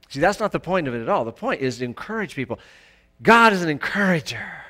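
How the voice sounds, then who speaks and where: A male pastor preaching a sermon in church, emphatic, rising to loud peaks. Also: on the high side, very animated, quick pace.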